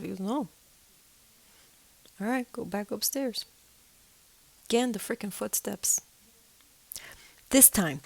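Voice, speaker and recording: A woman telling a personal story in a casual, animated way, mimicking sounds and dropping into whispers for tense moments. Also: mid-range voice, a little slow, creaky, long pauses, no echo. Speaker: storyteller of a ghostly experience.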